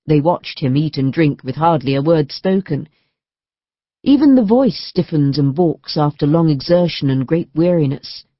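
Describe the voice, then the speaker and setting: A woman narrating an audiobook in a steady, even storytelling manner. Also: sits low, no room sound. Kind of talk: scripted narration. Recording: dull dry studio recording.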